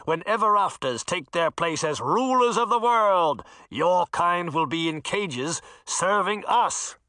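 A man's voice: high voice, animated, slow, pushed and bright, no room sound, pitched above the performer's own voice, exaggerated voice. A menacing masked knight growls his threats in a muffled voice, played by a man reading a storybook. The sound is dry and close.

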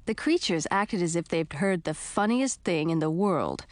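A woman's voice: on the low side, animated, normal speed, no echo. A woman narrating a children's storybook expressively, speaking as a princess frog in first person. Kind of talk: storybook reading.

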